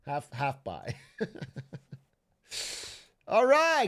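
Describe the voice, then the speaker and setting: A young man with a fairly high, sing-song voice streams a strategy game at normal speed. His casual gameplay chat is jokey and full of swearing, and when he gets nervous he talks himself through it and repeats himself. Game music is faintly audible.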